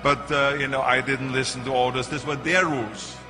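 A man's voice: mid-range voice, fairly quick. An older man with a German accent, giving a motivational speech and telling stories with punchy emphasis. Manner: animated storytelling with punchy emphasis. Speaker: keynote speaker. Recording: echoey hall, faint music.

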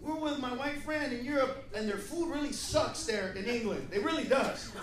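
An American man doing a stand-up comedy set, loud and profane, shouting through his characters' voices. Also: very high voice, moderate pace, echoey room, distant mic. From United States.

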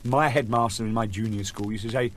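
A man's voice: lowish voice, fairly even intonation, fast talker. A middle-aged man, hosting a comic radio segment in a rambling, joking, self-mocking way. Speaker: host.

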